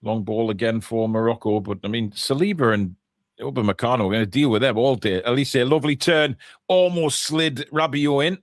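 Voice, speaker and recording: A man co-hosts a live football watchalong, delivering chatty play-by-play peppered with jokey asides. His voice sits at a medium pitch and moves fairly quickly, recorded with studio quality and no room sound.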